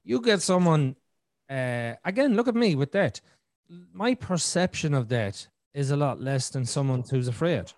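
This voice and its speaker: A middle-aged man hosting a podcast in casual conversation, animated and talkative, repeating words and acting out his own thoughts. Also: fairly high pitch, a little slow, dry recording, clean studio sound. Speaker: podcast host.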